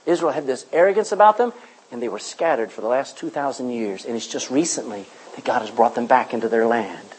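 A man preaching a sermon in church, with loud rises and quiet drops. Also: medium pitch, expressive, a little fast, slight background noise, low-quality recording. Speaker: pastor.

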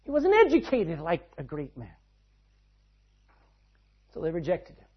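Male preacher, husky and a little high-pitched, dramatic loud-soft delivery; muffled lo-fi recording. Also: huge pitch swings, unhurried. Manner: dramatic swings between loud and hushed. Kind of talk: sermon. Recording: dull lo-fi sound.

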